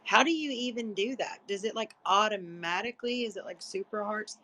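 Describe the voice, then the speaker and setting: A woman's voice: mid-range voice, brisk, bright, forceful tone, poor audio. A sleepy woman chatting casually and rambling on a late-night livestream, salty and profane. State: sleepy, yawning.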